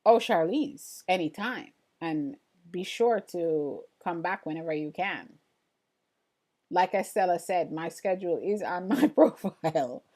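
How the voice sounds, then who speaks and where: A fairly low-pitched woman's voice, a little slow, belongs to a middle-aged livestream host. She's relaxed and chatty, addressing viewers directly and replying to their comments in real time.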